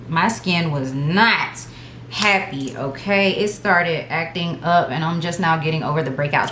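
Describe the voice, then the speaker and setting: A woman's voice: on the low side, echoey room, slight background noise. A woman beauty vlogger, chatting casually and slangily to her viewers at home. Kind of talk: casual get-ready-with-me chat.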